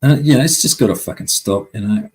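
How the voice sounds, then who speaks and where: A man's voice: lowish voice, a little fast, darkish tone, husky, low-quality recording. A man hosting a live stream, ranting angrily at his chat with constant swearing. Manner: heavy swearing, angry and blunt. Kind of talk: casual live-stream rant.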